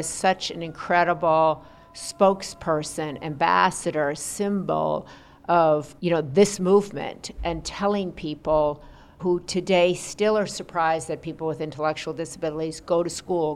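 Woman host, deep-toned, reflective interviewer. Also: clear, resonant tone. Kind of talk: interview conversation. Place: indoor interview. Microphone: podcast mic.

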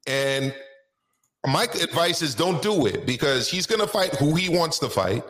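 Animated male boxing talk host. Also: fairly high pitch, unhurried, reverberant. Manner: animated, sing-song emphasis on names.

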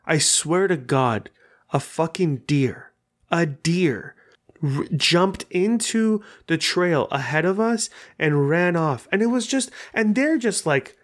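A young man hosting his own podcast, telling stories in an animated, profane, rambling way. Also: a little high, slow. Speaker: podcast host. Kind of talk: casual monologue.

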